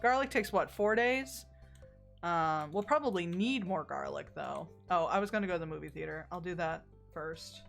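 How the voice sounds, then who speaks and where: A woman's voice: lowish voice, moderate pace, gravelly, soft background music. A woman streaming herself playing a game, chatting casually, joking with chat and reading on-screen text aloud.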